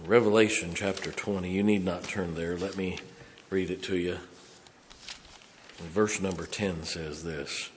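Man, 60s, pastor, passionate sermon, low-pitched. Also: fairly even intonation, unhurried, slight background noise. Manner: impassioned preaching, swings from loud to hushed.

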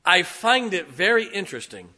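Folksy preacher man, bright voice. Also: sits high, very animated, moderate pace. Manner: folksy storytelling, swings from hushed to loud emphatic preaching. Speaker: pastor. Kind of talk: sermon.

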